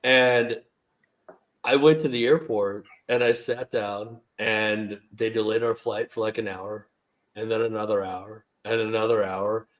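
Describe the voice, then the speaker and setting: A man's voice: lowish voice, fairly even intonation, a little slow. A man on a live-stream panel, telling stories in a rambling way with lots of fillers. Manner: rambling storyteller, many fillers. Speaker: panel guest. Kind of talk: casual live-stream chat.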